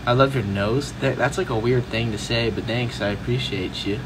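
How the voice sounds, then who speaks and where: A man's voice: mid-range voice, normal speed, noisy background. A young man hosting a casual livestream, chatting easily and answering fan questions. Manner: laid-back, chatty, sings snippets. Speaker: livestream host. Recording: music playing in the background.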